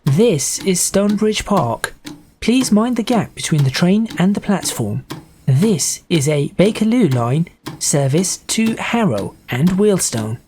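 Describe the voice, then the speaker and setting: Measured rail announcer, slow and precise, as a man puts him on. Each word is carefully enunciated, pitched a bit above the performer's own voice, with steady train rumble underneath. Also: heavily acted. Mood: formal. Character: male train station announcer, formal and measured. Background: train sim game noise.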